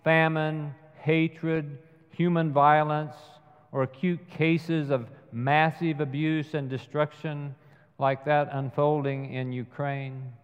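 A man preaching a sermon, retelling a film scene slowly and measuredly. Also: on the high side, level tone, smooth. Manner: slow, measured storytelling with acted quotes. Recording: dull sound with long hall reverb.

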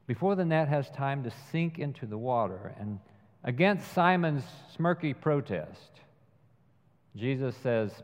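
A man preaching a sermon, retelling a film scene slowly and measuredly. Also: medium pitch, darkish tone. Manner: slow, measured storytelling with acted quotes. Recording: dull sound with long hall reverb.

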